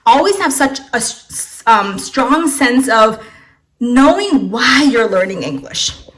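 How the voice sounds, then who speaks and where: A woman's voice: on the high side, sing-song, slow pace, slight background noise. A young woman from Vietnam teaching an English lesson in a casual, encouraging way, checking in with "okay?" and "right?" after many phrases.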